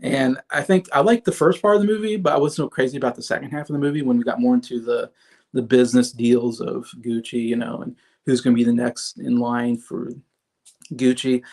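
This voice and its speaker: A man in his thirties hosting a casual livestream, reviewing movies in a rambling way with many fillers and restarts and chatting with viewers. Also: mid-range voice. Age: 30s. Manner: chats with viewers in the comments.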